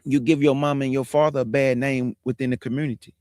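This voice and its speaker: Forties male host telling his life story with lively, drawn-out emphasis; average pitch, dry recording. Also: clear, resonant tone, no echo. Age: 40s. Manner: animated, folksy, drawn-out emphasis. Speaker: show host. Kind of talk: personal testimony, casual storytelling.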